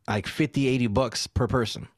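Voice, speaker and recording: A man's voice: medium pitch, fairly even intonation, normal speed, no room sound, clean studio sound. A man telling a story in casual podcast chat, easygoing and stumbling over his words. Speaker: podcast co-host.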